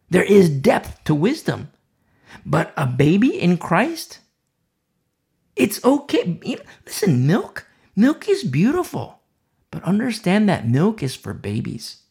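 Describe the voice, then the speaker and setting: Slow, gravelly-voiced male preacher. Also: high-pitched, darkish tone. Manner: repeats key phrases for emphasis; addresses listener directly and personally. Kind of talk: sermon.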